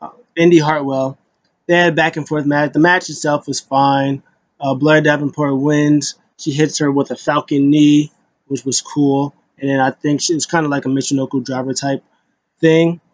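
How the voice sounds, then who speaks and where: A man's voice: fairly high pitch, level tone, moderate pace. Rambling man recapping a wrestling show. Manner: rambling, many fillers, paraphrases wrestlers with brief mock voices. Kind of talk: casual recap.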